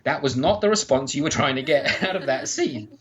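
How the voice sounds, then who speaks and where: A man in his thirties, a guest author chatting casually on a podcast, animated and enthusiastic as he tells stories. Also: on the high side, brisk, highs cut off. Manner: enthusiastic, animated storytelling with mock exclamations.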